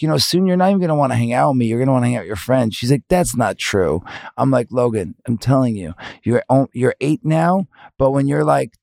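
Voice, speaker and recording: A man's voice: mid-range voice, creaky, no echo, clean studio sound. A man co-hosting a casual podcast chat, telling stories about his daughter and acting out the quotes with laughs. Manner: animated storytelling, acts out quotes with laughs. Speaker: podcast co-host, father.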